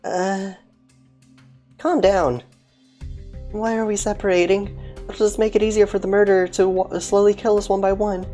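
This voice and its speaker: A woman's voice: mid-range voice, flat delivery, normal speed, long pauses, mellow, soft background music, pitched above the performer's own voice, lightly acted. A woman voicing a nervous, panicky game character who stammers frantically. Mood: panicked.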